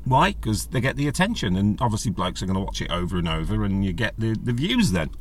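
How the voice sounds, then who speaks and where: A man hosting a casual solo podcast, chatty and jokey, rambling from one aside to the next. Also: fast. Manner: rambling, chatty and jokey, with animated pitch jumps. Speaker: podcast host.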